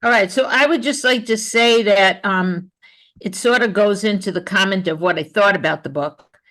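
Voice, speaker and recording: A woman's voice: mid-range voice, normal speed, fairly bright tone, low-quality recording. A woman in an online book club, speaking earnestly and at length over a video call. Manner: earnest, rambling. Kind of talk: casual discussion.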